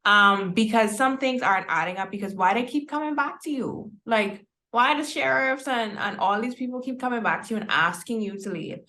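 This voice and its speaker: A woman's voice: fairly high pitch, moderate pace, hardly any pauses, pushed and bright, roomy sound. A woman guest on a news show, chatting casually and puzzling over the story with pointed questions. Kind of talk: casual chat.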